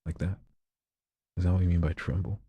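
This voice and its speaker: A man doing voice practice on a livestream, reading viewer scripts in a slow hushed delivery that slips into whispers, and chatting with viewers between reads. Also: sits low, little pitch movement, breathy edge, dry recording. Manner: chats to viewers in between reads, quicker and louder. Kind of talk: live practice reading of viewer scripts, mixed with casual chat.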